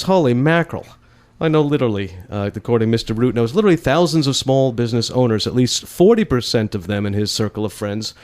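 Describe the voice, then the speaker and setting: A man's voice: mid-range voice, darkish tone. A man hosting a political talk show, wry and folksy, ticking through points with a recurring catchphrase. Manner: folksy, wry, repeats a catchphrase, chuckles at own jokes. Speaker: host.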